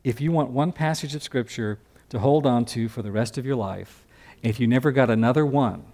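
An older man, a pastor, preaches a sermon that teaches from scripture conversationally and puts questions to the congregation. His voice is mid-range with a darkish tone.

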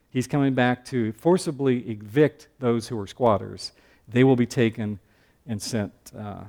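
A man giving a sermon-style Bible lesson, talking conversationally with joking asides, swinging between loud emphatic stretches and quiet asides. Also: mid-range voice, vocal fry. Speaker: Bible teacher.

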